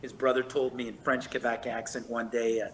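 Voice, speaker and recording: A man's voice: mid-range voice, little pitch movement, a bit bright, a little hiss or hum, low-quality recording. A man in a casual chat, telling long stories in a profane, emphatic way. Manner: profane, emphatic, fast storytelling. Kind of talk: casual chat, rambling monologue.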